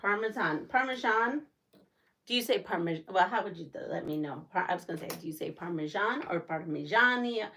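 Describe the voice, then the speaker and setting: A woman's voice: on the low side, fast talker, creaky, hardly any pauses, background noise. A woman vlogger chatting casually and rambling as she works on a quilt, laughing at her own tangents. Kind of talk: casual chat while quilting.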